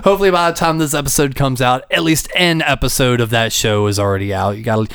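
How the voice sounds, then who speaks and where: A man's voice: mid-range voice, fast, vocal fry, a bit bright, clear, resonant tone, no echo. A man hosting a podcast in loose, profane casual chat, laughing often. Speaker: podcast host.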